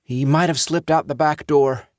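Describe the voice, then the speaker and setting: A man's voice: fairly high pitch, fairly even intonation, moderate pace, darkish tone, dry recording, studio quality, voice pushed up, close to an everyday voice. A man voicing a cautious, wary teenage boy in a raised, lighter voice. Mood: uneasy.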